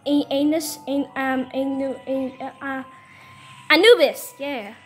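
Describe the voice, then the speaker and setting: A young teenage gaming creator with a high voice and fairly even intonation talks unhurriedly through her gacha pulls at home, with soft music behind her. She still squeals, pleads and groans at every result.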